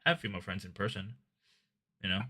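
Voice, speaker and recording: A man's voice: sits low, fast, bright, forceful tone. A man chatting as a guest on a livestream, talking defensively and hesitantly, often repeating his words. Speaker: stream guest. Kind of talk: casual chat.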